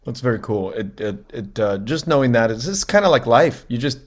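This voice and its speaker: A man hosting an interview, asking long, halting questions full of fillers. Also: mid-range voice, lively intonation. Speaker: interview host. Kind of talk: conversational interview.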